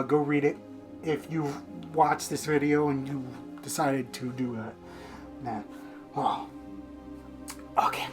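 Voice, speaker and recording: A man casually reviewing a manga in a rambling, profane, unfiltered way. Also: fairly high pitch.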